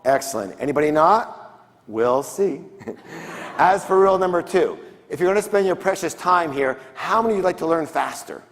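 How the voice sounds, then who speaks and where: An expressive man with a voice on the high side speaks at normal speed, giving a motivational seminar talk on stage. In the large conference hall he draws call-and-response answers from the audience, and the long reverb is noticeable.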